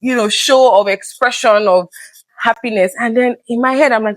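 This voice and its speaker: A woman's voice: fairly high pitch, moderate pace, no echo. A woman speaking as a guest in a candid personal conversation, earnest and open, often acting out past conversations. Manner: earnest, reenacts conversations with lively quoted voices.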